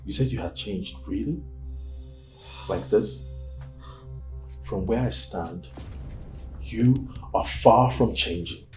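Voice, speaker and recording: A man's voice: lowish voice, takes it slowly, long pauses, a little mellow. An actor playing a scornful, blackmailing young man in a film drama, with a Nigerian English accent. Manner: contemptuous, accusing. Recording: film soundtrack with music.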